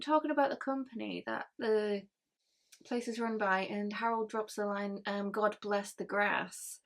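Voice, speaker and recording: Chatty woman reviewing a book. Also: a little high. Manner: chatty and rambling, many ums, frank grumbling. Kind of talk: casual spoken book review.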